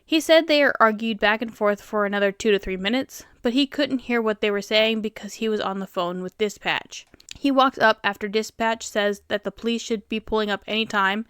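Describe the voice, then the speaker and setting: A woman with a Southern US accent who hosts a show reading online stories, animated and quick to laugh. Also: fairly high pitch, clean tone, no room sound, clean studio sound. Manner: animated, laughs often, reads in voices. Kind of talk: casual storytelling and reaction.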